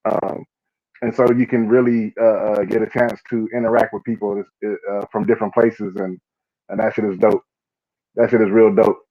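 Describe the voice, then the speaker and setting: A man's voice: on the low side, little pitch movement, moderate pace. A man hosting a casual live show, talking in a laid-back way with many filler sounds. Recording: dull lo-fi audio.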